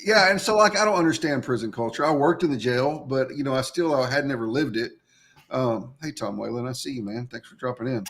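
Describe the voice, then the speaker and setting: A man's voice: mid-range voice, a little fast. Man, show host, casual chat, laid-back, filler words. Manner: relaxed, says "man" and "like" a lot. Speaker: podcast host.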